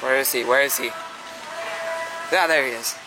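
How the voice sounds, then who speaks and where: Very deep-voiced joking young woman. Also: normal speed, poor audio. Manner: joking, reading out product names. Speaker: vlogger shopping with her mother. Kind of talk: casual vlog chat. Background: background music.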